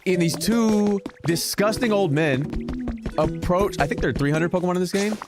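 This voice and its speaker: A man with a slightly high voice tells stories while he plays a game on stream. He talks casually, swears freely and gets animated, with clear game music playing behind him. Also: moderate pace. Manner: animated, profane storytelling. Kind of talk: casual storytelling while gaming.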